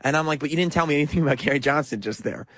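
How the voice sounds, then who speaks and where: A man's voice: fairly high pitch, very fast, a bit bright. A man hosting a radio talk show, sardonic and argumentative, often laughing at his caller. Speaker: radio host.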